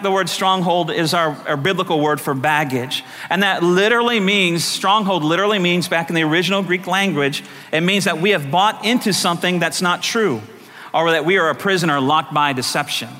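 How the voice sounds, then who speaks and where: Bright-voiced preacher in an echoing church. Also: male voice, high-pitched. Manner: preaching with repeated call-outs for amen. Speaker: pastor. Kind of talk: sermon. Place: church sanctuary. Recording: echoey church hall.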